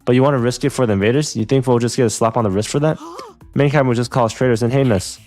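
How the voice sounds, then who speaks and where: A man's voice: medium pitch, racing, a little mellow, close to an everyday voice. A man reading a hot-headed swearing student. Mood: angry. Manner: crude, combative, swearing. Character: hot-headed foul-mouthed young male student fighter.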